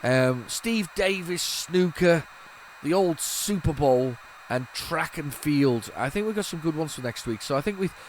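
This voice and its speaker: A man's voice: fairly high pitch, lively intonation, measured pace, slight background noise. A man hosting a retro gaming video, chatting casually and rambling as he loads old game tapes, with lots of restarts. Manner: rambling, waffling with many restarts. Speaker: retro gaming channel host. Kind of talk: casual commentary while loading old tapes.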